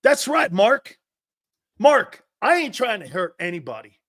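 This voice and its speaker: A man's voice: high voice, very animated, measured pace, a bit bright, no echo, clean studio sound. A man hosting a live sports talk show, reading viewer comments and ranting in a brash, profane, fired-up way.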